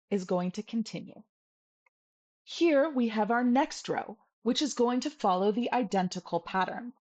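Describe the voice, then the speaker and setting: A woman teaching a video language lesson, patient and playful, repeating each sound slowly so the viewer can copy it. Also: mid-range voice.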